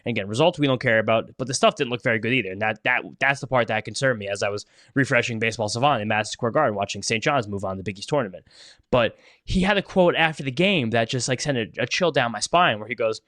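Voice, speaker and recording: A man's voice: mid-range voice, fast, fairly bright tone, dry recording, clean studio sound. A man co-hosting a casual podcast, talking in long, rambling runs and swearing now and then. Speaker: podcast co-host. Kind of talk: casual chat.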